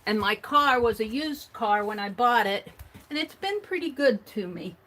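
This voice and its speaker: Chatty higher-voiced woman crafting live. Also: lively intonation, normal speed, sharp tone. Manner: chatty, talks to herself and reads viewer comments aloud; frequent restarts and fillers, laughs easily. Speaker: livestream craft host. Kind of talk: casual rambling chat while crafting.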